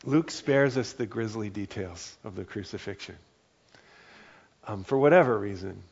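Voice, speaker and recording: A man's voice: on the low side, moderate pace, vocal fry, darkish tone, slightly rough, muffled recording. A man preaching a sermon, earnest and conversational, often dropping in "like" and "right?" as he talks. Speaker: pastor.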